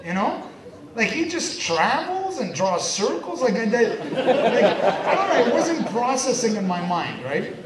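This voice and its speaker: A man in his thirties from Quebec, somewhat high-voiced, tells his story to a seminar crowd with jokes and energy. His voice is caught from a distance and rings through a roomy hall, and an audience can be heard around him. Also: measured pace, slight background noise. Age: 30s. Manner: energetic, joking, self-mocking storyteller. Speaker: business seminar speaker. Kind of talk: motivational stage talk.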